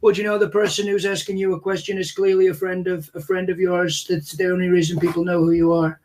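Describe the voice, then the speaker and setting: A man's voice: high voice, flat delivery, darkish tone, slight background noise, lightly acted. A comedian voicing a boastful older male politician who rambles and praises himself. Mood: pompous. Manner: pompous, repetitive, drawn-out boasting. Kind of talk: comic impression on a livestream.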